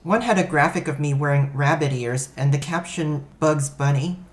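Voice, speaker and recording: Low, deep-toned female narrator, dry matter-of-fact story reading. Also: moderate pace. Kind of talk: first-person story narration.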